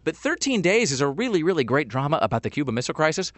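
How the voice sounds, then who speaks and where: A man's voice: fairly high pitch, big pitch swings, very fast, dry recording. A man co-hosting a podcast in casual chat, rambling and joking. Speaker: podcast co-host.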